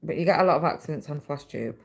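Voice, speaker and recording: Chatty Mancunian woman with a gravelly voice. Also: low-pitched, animated, fast talker. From England. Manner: chatty, reads viewer comments aloud, many "like" fillers. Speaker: livestream host. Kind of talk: casual chat while stitching on a livestream.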